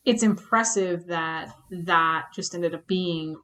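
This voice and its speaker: A woman's voice: lowish voice, slow pace, a bit bright. A woman co-hosting a podcast, building on a co-host's point. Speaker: podcast co-host. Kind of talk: casual chat.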